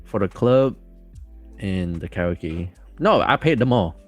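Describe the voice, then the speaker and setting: رجل يروي قصة بحماس وثرثرة. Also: male voice, on the low side, measured pace, faint music behind. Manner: rambling, excited, with many fillers and restarts. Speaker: podcast guest. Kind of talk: casual storytelling.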